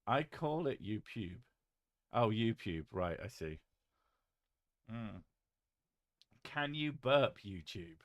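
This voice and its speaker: British male streamer, lowish voice, dry close sound, deadpan jokey delivery, swears freely. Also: slow, long pauses, no echo. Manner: joking, deadpan, swears casually. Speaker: live streamer reading chat. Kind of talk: casual live-stream chat.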